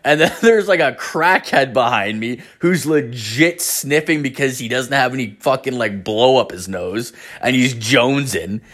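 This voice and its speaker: A man's voice: medium pitch, normal speed, hardly any pauses, fairly bright tone. A man in his thirties hosting a podcast, telling a story in a rambling, profane way full of fillers. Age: 30s. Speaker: podcast host. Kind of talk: casual storytelling monologue.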